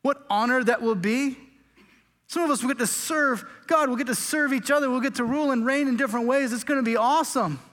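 A man's voice: very high-pitched, brisk, fairly bright tone. A man preaching a sermon as pastor, joking and casual, stumbling over words and restarting often. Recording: long hall reverb.

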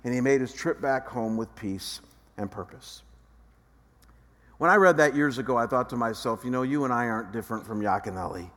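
A male pastor preaching a sermon, moving between quiet reflective passages and loud, animated emphasis as he acts out voices. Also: medium pitch, fairly quick. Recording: long hall reverb.

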